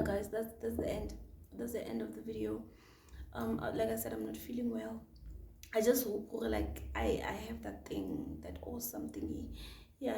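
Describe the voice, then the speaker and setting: A young woman, telling a personal story in a chatty, expressive vlog full of fillers. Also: rumbling low, creaky, distant mic, a little hiss or hum. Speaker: vlogger. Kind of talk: casual storytime chat. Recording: echoey room, voice off-mic.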